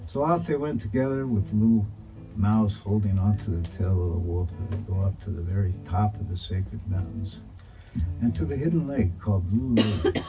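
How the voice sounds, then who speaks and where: A man telling a story in a relaxed, conversational way. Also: on the low side, muffled recording. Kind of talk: oral storytelling. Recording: voice from afar over guitar music. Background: guitar music.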